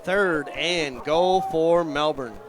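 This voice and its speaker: A man calling a live high school football game outdoors in a folksy, excitable way and plugging sponsors between plays. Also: slow pace, crowd noise. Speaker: play-by-play commentator and show host. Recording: outdoor stadium noise.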